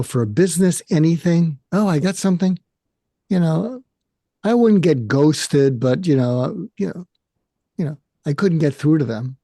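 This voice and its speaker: An older man with an American accent, a psychiatrist speaking candidly and haltingly about his own feelings in an interview. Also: on the high side, mellow, dry recording, studio quality. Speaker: guest, psychiatrist. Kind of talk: emotional personal conversation.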